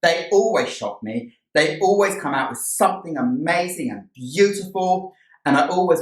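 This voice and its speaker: A man vlogging about a plant he bought, gushing and excited as he tells the story and shows it off. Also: fairly high pitch, a little slow. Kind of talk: casual haul video. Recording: roomy sound from a distant mic.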